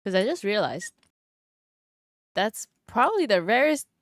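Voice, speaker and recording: Lively chatty woman streamer. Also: mid-range voice, a little slow, no echo, clean studio sound. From Canada. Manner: chatty, laughs often, asks her chat questions. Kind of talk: casual chat with stream viewers while drawing.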